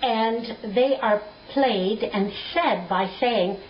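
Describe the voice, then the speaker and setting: A woman music teacher, giving a slow, patient, clearly spoken lesson. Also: on the high side, slight background noise. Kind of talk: recorded classroom lesson. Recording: echoey, dull lo-fi room recording.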